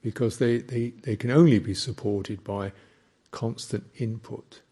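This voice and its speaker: Slow gravelly-voiced male meditation teacher. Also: mid-range voice, steady tone, mellow. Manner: slow, reflective, with thoughtful pauses. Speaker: Buddhist monk teacher. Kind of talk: dharma talk.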